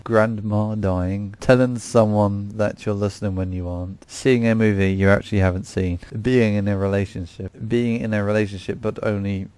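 A man's voice: fairly low pitch, darkish tone, no echo. A man hosting a podcast, reading out quiz questions in casual chat, joking and stumbling over words. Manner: jokey, stumbles over words and laughs at himself.

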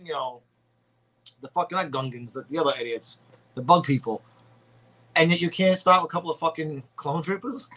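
A man's voice: fairly high pitch, moderate pace, pauses often, fairly bright tone, low-quality recording. A man co-hosting a casual podcast, blunt and joking, swearing freely. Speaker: podcast co-host. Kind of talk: casual profane chat.

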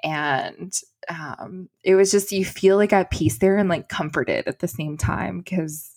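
A woman's voice: fairly low pitch, a little slow, darkish tone. A woman telling a travel story in casual chat, laughing often and saying "like" a lot.

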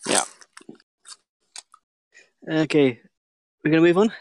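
A man's voice: fairly high pitch, big pitch swings, a little mellow, no echo. A man co-hosting a podcast, chatting casually and chipping in between his co-host's stories. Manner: quick, chatty. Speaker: podcast co-host. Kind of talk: casual chat.

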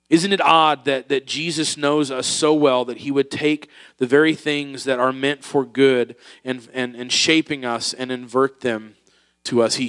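A man's voice: fairly high pitch, fairly bright tone. A man preaching a sermon as a pastor to his church, talking in a conversational way with fillers and restarts. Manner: conversational, with filler words and acted-out voices.

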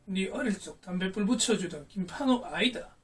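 An actor with a Gyeongsang Korean accent playing a brash man in a film, talking in a rapid, swaggering way. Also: high-pitched, expressive, fairly bright tone, breathy edge, full character voice. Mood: boastful. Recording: film clip with music behind.

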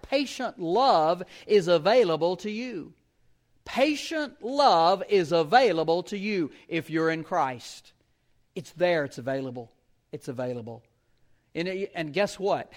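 A man with a notably high voice delivers a sermon, half teaching and half telling stories. He lingers on key phrases, repeating them slowly for weight. Between points he chuckles and drops casual fillers. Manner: conversational storytelling with fillers. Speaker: preacher.

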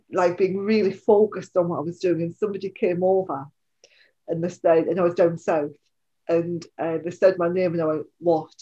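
A woman with a Geordie accent chats on a podcast in her low alto, wandering through her thoughts with plenty of "um" and "you know". She is self-mocking and quick to laugh at herself. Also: mellow, muffled recording. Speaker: podcast co-host. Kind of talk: casual chat.

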